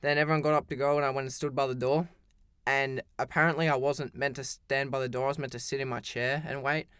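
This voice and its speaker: A man's voice: medium pitch, flat delivery, fast, fairly bright tone, smooth, no echo, clean studio sound. A teenage boy telling a story in a casual, rambling storytime style, full of "like" and restarts. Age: teens. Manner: rambling, heavy use of "like", frequent restarts.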